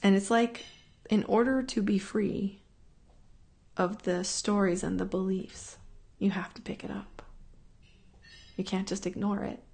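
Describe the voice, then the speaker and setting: A woman's voice: medium pitch, fairly even intonation, measured pace, gravelly, long pauses, darkish tone. A woman hosting a casual live talk, answering viewers in a rambling, earnest way that keeps circling back and repeating itself. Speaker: host answering viewer questions.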